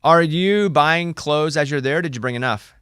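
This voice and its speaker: A man's voice: fairly high pitch, normal speed, a bit bright, clean tone, no echo, studio quality. A man hosting a radio show, asking his co-hosts easygoing questions in casual chat. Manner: easygoing, asks questions and steers talk.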